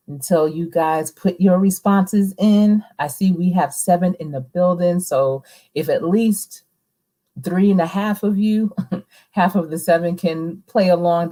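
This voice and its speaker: Woman, low voice, chatty live stream host, reads out viewer comments. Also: darkish tone. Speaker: livestream host, coach. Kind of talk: casual live stream chat.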